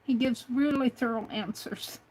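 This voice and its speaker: A woman's voice: fairly high pitch, moderate pace, a little mellow, low-quality recording. A woman hosting a casual livestream, hesitantly searching for words as she relays viewer questions. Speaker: livestream host.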